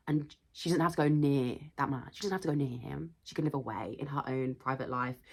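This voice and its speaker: Young girl with a low husky voice, gossiping about history, slangy and dramatic. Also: lively intonation, fast talker, few pauses, darkish tone. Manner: chatty, slangy, dramatic asides. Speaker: history video host. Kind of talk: gossipy casual storytelling.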